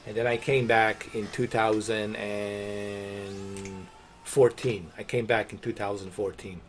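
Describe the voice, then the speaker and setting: A man's voice: on the low side, level tone, takes it slowly, a little hiss or hum. Laid-back rambling man streamer. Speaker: gaming streamer. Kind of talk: casual game-stream chat.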